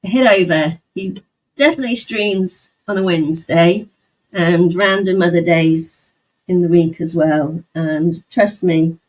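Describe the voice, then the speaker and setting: A woman's voice: fairly low pitch, measured pace, rough recording. Chatty woman streamer. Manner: chatty, answers viewers' comments. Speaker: livestreamer. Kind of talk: casual chat.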